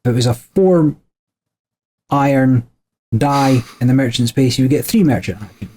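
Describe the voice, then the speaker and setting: A man's voice: mid-range voice, moderate pace, darkish tone, husky. Chatty male podcast co-host explaining rules. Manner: chatty, frequent small laughs. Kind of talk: casual chat explaining game rules.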